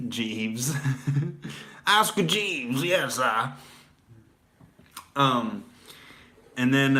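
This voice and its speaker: Bright-voiced sarcastic male comedian. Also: mid-range voice. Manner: sarcastic, mocking, rambling with many fillers. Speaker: comedian host. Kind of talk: comedic political rant.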